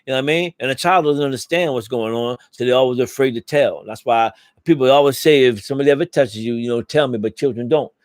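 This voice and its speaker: A man's voice: medium pitch, fast talker, no room sound, clean studio sound. A man in casual, profane chat who talks emphatically and repeats his points. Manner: emphatic, preachy, repeats himself.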